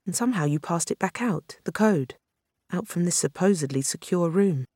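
A reader playing a quick-witted female aide, raised and quick as she works things out. She stays apologetic toward her boss. The sound is dry and close. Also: fairly low pitch, expressive, darkish tone, husky, dry recording, voice pushed up. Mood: urgent.

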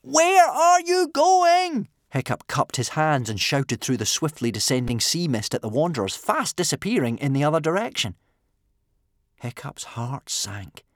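A man narrating an adventure storybook with animated, dramatic delivery. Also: medium pitch, moderate pace, dry recording, clean studio sound. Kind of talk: audiobook narration.

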